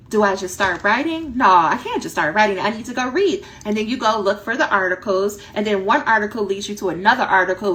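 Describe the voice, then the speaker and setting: A woman dissertation coach giving a direct, animated talk that acts out her students' inner voices. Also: mid-range voice.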